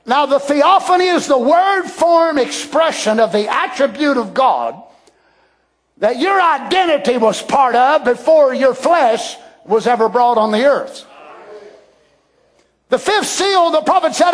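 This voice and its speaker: Very high-pitched impassioned male preacher. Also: lively intonation, a little slow. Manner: impassioned, swinging between hushed and shouted. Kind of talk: sermon.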